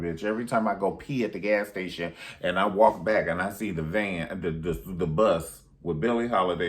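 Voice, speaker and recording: A man recapping a film in a sassy, profane, theatrical way. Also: fairly low pitch. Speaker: film reviewer. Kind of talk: casual movie recap.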